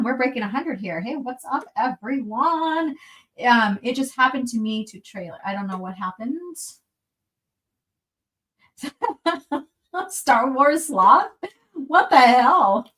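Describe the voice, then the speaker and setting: This young livestream host has a medium-pitched, slightly bright voice and reads her chat aloud from indoors at home. Giggly and rambling, she swears plenty as she goes.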